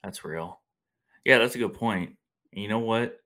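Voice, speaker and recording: A man's voice: fairly low pitch, moderate pace, pushed and bright. A man hosting a podcast, chatting casually and telling rambling stories with slangy asides. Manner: laid-back, rambling storytelling with slangy asides. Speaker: podcast host. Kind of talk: casual chat.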